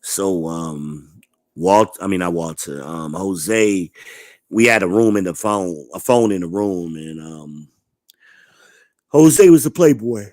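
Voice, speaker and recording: A man's voice: low-pitched, takes it slowly, darkish tone, no room sound, studio quality. A man in his forties telling blunt, profane stories in a laid-back, casual vlog monologue. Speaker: vlogger.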